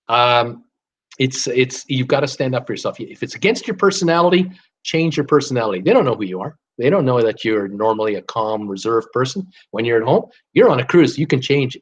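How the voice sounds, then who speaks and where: A man's voice: medium pitch, brisk, muffled recording. An older man hosting a live cruise talk, giving blunt, fired-up advice in a ranting manner. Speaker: cruise vlogger host.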